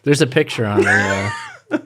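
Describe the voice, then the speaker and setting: A male podcast co-host in casual comedic chat who throws in quick deadpan quips. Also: mid-range voice, a little hiss or hum.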